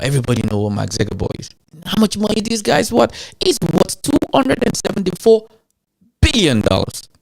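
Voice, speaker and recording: A man with an African accent hosting a show, talking to his audience in an animated rant full of rhetorical questions. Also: sits high, vocal fry. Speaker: show host. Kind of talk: animated ranting commentary.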